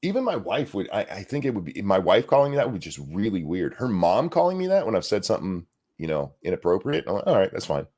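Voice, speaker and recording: Brief: middle-aged male co-host, low voice, very animated delivery, profane jokey live-stream banter. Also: fast talker, few pauses, slightly rough. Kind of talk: casual live stream chat reading donations.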